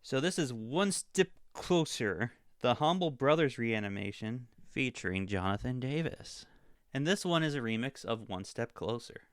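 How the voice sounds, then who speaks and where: A young man talks through an album review in a loose, upbeat way, tossing in plenty of casual fillers. His voice is smooth and crisp, recorded close and dry with no room sound. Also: mid-range voice, animated, normal speed, no echo.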